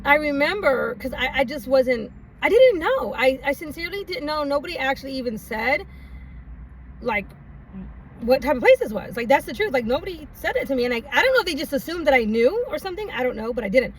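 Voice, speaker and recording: A woman's voice: high voice, sing-song, brisk. A woman telling a personal story in a casual, rambling way, laughing often and using many fillers. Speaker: vlogger. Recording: distant mic, faint background noise.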